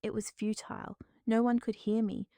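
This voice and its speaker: A woman narrating a dramatic first-person story in a measured, formal way. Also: on the high side, flat delivery, dark tone, no echo, clean studio sound.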